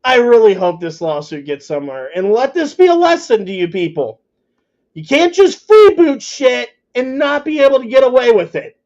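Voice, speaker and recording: A solo podcast host who rants and swears freely and keeps getting carried away. The voice sits at a middling pitch and sometimes trips over its own words. The recording sounds dull and lo-fi. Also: normal speed. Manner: profane, ranty and excitable. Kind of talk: solo podcast rant and sports rundown.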